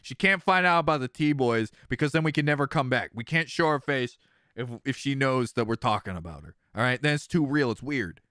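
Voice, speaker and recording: A thirty-year-old man chats through a let's-play, jokey and quick to laugh. His voice is bright and crisp, and it swings up and down in lively bursts. The sound is close and dry, with no room around it. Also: medium pitch, no room sound. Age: 30s. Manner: animated, jokey, laughs often. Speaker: streamer, let's-play host. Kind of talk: casual game commentary, chatting with viewers.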